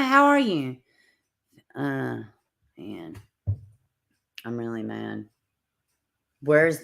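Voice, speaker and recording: Blunt, indignant woman streamer. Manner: blunt and swearing, greets chat viewers by name; indignant, swings between loud outbursts and low mutters. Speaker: true crime livestream host. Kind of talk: casual livestream commentary.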